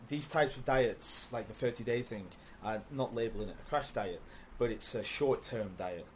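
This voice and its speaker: A man's voice: medium pitch, moderate pace, slight background noise. A man with a British accent talking casually as a guest, often repeating words and laughing as he goes. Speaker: podcast guest. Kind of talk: casual conversation.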